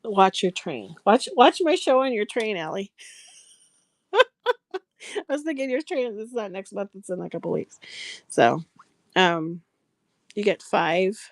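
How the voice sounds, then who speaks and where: Hosting a live craft sales stream, a woman chats casually, rambling and laughing often while greeting viewers by name. Her medium-pitched voice is animated and unhurried, with frequent pauses. There is no room sound.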